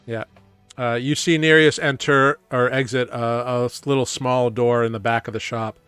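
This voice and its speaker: Male GM, loose rambling narration, smooth dry voice. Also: medium pitch, level tone, moderate pace, a bit bright, dry recording, faint music behind. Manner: casual, rambling, full of fillers. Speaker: game master. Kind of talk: narrating a tabletop game.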